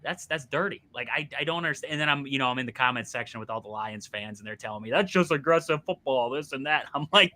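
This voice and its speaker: A man co-hosting a sports podcast, talking in an animated, exasperated way and laughing often. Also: a little high, fast, few pauses. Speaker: podcast co-host. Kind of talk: casual sports chat.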